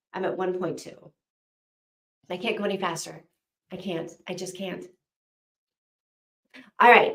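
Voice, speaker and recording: A woman's voice: mid-range voice, a bit bright. Chatty woman host in an echoey room. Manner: chatty and rambling, with frequent fillers. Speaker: host of a reading sprint stream. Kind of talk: casual chat, reading out chat comments.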